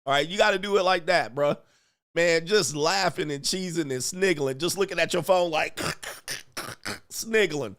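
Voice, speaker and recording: Animated male livestream host, dry sound. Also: a little high, normal speed, dry recording. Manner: animated, mocking impressions of others. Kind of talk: casual livestream commentary.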